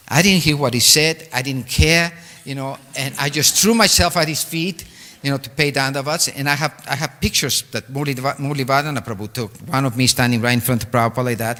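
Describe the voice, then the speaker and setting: An older man tells a long personal story at a temple gathering, pausing and restarting with many fillers. His voice is bright and forceful, at a middle pitch. The sound rings on in a large reverberant hall. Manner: halting, with frequent fillers and restarts. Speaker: devotee giving a homage talk. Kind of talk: storytelling reminiscence.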